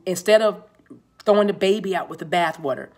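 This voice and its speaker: A woman's voice: fairly low pitch, fairly quick, a little mellow. A woman giving a casual tarot reading to her viewers, chatty and repeating herself, with laughs often. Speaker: tarot reader.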